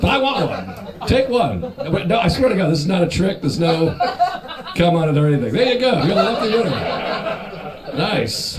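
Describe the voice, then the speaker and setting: Man, stand-up comedian, crowd work, high-pitched, very lively delivery, loose and rambling, teasing the audience, live club with audience laughter.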